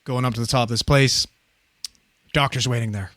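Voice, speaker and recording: Man, thirties, casual podcast storytelling, lots of swearing, animated, dry close sound. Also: medium pitch, a little fast, pauses often, dry recording. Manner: profane, animated storytelling with laughs. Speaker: podcast co-host telling a story.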